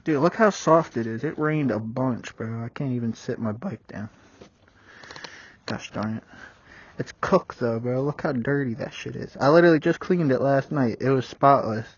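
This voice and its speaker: A man's voice: mid-range voice, moderate pace, husky, no room sound. A young man talking casually on a riding vlog, swearing often and calling the viewer bro and dude, recorded outdoors on a small clip-on mic. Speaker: vlogger. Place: outdoors on a dirt bike on country roads. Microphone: small wireless clip-on mic. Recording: muffled lo-fi audio with loud wind and road noise.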